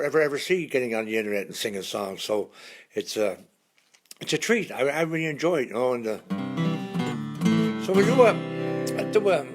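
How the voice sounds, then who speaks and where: A man telling jokes in a casual folksy way on a live stream, often laughing at his own punchlines. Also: medium pitch.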